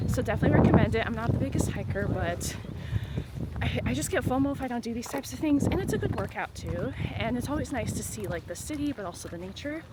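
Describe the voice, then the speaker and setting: A breathless woman chats to camera while she hikes, loose and rambling, her voice sitting a little high. Loud wind roars across the mic the whole time. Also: animated, fast talker. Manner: chatty, rambling, filler-heavy. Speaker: travel vlogger. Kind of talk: casual vlog talk to camera. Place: windy hillside outdoors. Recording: heavy wind noise on the mic.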